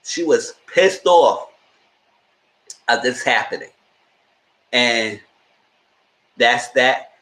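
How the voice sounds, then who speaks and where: A man in the middle of his range, chatting through a live TV recap in a loose, lively way. He keeps jumping into the characters' lines as he retells each scene. The room around him rings with a noticeable echo. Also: medium pitch, extremely slow, long pauses. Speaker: TV show reviewer.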